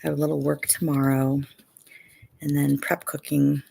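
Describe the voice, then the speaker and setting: A woman's voice: sits low, flat delivery, normal speed, vocal fry, warm tone, breathy edge. A middle-aged woman hosting a live stream, chatting casually with viewers and often saying "you know".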